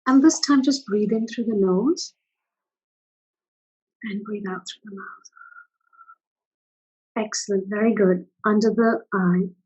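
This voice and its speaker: Over a video call, a woman guides a tapping session, giving calm step-by-step prompts in a soothing voice full of praise. Her voice sits in the mid-range and is slightly rough, and she moves slowly with long pauses. The recording has its highs cut off.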